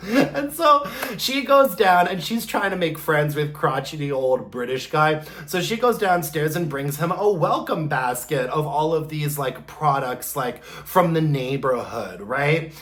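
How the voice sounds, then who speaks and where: A vlogger recaps a TV episode in a loose, chatty way. The talk rambles with plenty of filler words and playful spoken sound effects, and the voice sits at a middle pitch. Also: lively intonation, unhurried, fairly bright tone. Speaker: candle review vlogger.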